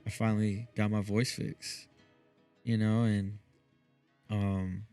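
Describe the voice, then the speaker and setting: A man with a low-set, smooth broadcaster's voice speaks in a calm, patient way during a laid-back interview. Soft music plays quietly underneath. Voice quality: smooth radio voice. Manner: calm, unhurried, drops lots of "you know what I mean". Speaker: DJ and radio host, interview guest. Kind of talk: relaxed conversational interview.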